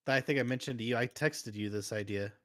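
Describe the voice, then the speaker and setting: A man's voice: mid-range voice, fast talker, fairly bright tone. A man in casual chat, telling a loose, rambling stand-up story as a guest. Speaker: comedian guest.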